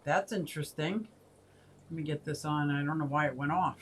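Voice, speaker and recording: This woman in her sixties hosts a casual aquarium-channel livestream, her low-sitting voice brisk with a breathy edge. She's chatty, laughs often, and reads viewer comments aloud.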